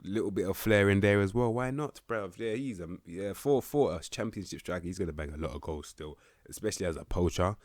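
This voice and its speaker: A young man talks through a football management game in a very low, deep voice, slangy and easygoing, now and then getting fired up. The sound is dry and close, with no room around it. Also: fairly quick, hardly any pauses, no room sound. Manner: slangy, laid-back, with bursts of excitement. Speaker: gaming YouTuber rating players. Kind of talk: casual game commentary.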